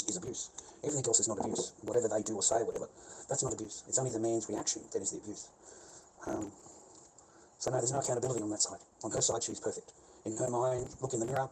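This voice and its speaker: A man with an Australian accent ranting in a rambling, profane way, repeating himself and laughing between lines. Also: medium pitch. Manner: swears constantly, repeats himself, laughs mid-sentence. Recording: noisy background hiss.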